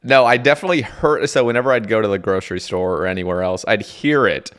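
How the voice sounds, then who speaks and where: A man's voice: on the low side, quick pace, a bit bright, clean tone. A young man from Oregon hosting a podcast, chatting casually, swearing and laughing easily. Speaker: podcast host. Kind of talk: casual chat.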